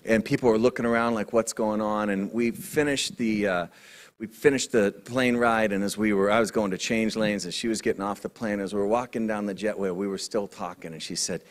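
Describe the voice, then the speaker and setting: Man preaching a story-driven sermon. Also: a little fast. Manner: storytelling, swings from raised and emphatic to low and hushed. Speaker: minister.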